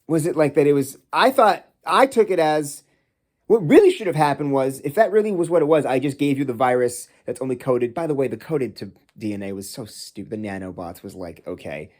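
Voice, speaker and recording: A man's voice: a little high, expressive, brisk, a little mellow. Rambling, foul-mouthed man ranting while cooking. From United States. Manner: swears a lot, rambling and exasperated. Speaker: vlogger reviewing a film. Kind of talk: casual rant. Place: home kitchen, cooking. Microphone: phone.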